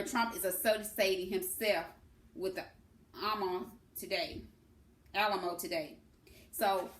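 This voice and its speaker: A woman speaks slowly and deliberately in an impassioned political monologue. She leans hard on key words. Her voice rings in an echoey room. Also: mid-range voice, bright, forceful tone. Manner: impassioned, emphatic, stresses words. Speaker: political commentator.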